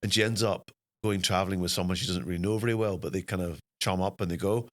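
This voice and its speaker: A man's voice: low voice, fast. Self-deprecating Scottish man telling stories. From Scotland. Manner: self-deprecating, animated storyteller. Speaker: actor guest. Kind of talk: anecdotal storytelling.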